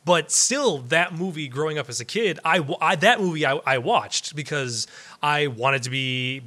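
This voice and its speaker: A man's voice: fairly high pitch, moderate pace, sharp tone. A man co-hosting a movie podcast in casual chat, rambling with lots of restarts and easy laughs. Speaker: podcast co-host.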